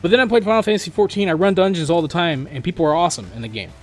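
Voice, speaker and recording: A young man rambling casually to his viewers, with many fillers and restarts. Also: a little hiss or hum. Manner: mimics other players in quick high voices. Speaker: gaming YouTuber. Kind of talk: casual spoken monologue.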